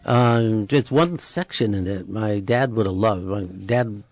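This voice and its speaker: A man hosting a radio arts interview in a studio, friendly and quick to laugh. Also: fairly low pitch, a little mellow. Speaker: radio arts show host. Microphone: studio microphone.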